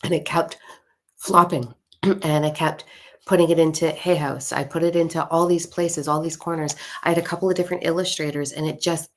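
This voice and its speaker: A woman telling a personal spiritual story in a casual monologue, animated and acting out the voices of the people she quotes. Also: deep voice, a little fast. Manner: animated, acts out quoted voices, swears freely. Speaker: spiritual author and coach.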